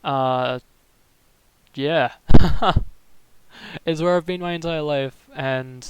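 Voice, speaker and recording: A young man from Melbourne, chatting casually on his live stream with many halting restarts, answering viewers' comments. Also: on the high side, clean tone, low-quality recording. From Melbourne, Australia. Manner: rambling, halting, restarts sentences often.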